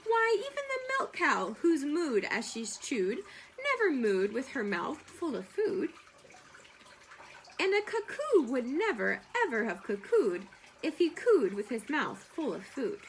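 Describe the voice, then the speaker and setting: A woman's voice: high-pitched, very animated, measured pace, slight background noise, voice pushed up, heavily acted. A woman voicing a scolding mother in a children's poem, prim and singsong. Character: scolding mother lecturing her son on manners. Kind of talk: reading a children's poem aloud.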